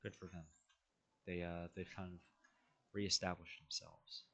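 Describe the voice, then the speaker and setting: A man's voice: low voice, flat delivery, a little slow, gravelly, pushed and bright, muffled recording. A man casually narrating an alternate history map timeline, rambling with wry asides and self-corrections.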